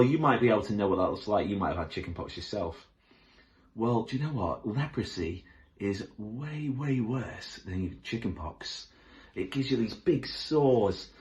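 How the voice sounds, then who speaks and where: Brief: enthusiastic children's leader, mid-pitched voice, dull lo-fi recording. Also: male voice, darkish tone. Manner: enthusiastic, asks the children questions. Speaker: children's Bible lesson leader. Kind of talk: children's Bible lesson.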